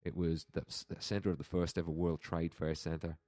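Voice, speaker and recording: Deep-voiced Irish man, rambling chat. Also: flat delivery, moderate pace, mellow, dry recording. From Ireland. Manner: rambling, laughs often. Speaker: guest. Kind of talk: casual chat.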